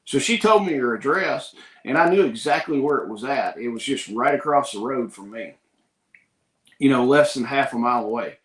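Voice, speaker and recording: A man's voice: medium pitch, animated, normal speed, fairly bright tone, reverberant. A man with a Kentucky accent, hosting a show and telling a rambling, folksy story in casual talk, acting out the other people's lines. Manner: folksy, rambling, acts out the voices in his story. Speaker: podcast host.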